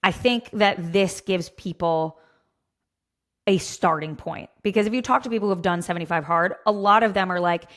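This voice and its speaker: A woman's voice: fairly low pitch, moderate pace, a bit bright. A woman in her thirties co-hosting a fitness podcast, giving candid opinions while thinking aloud with lots of fillers. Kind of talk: casual opinionated chat.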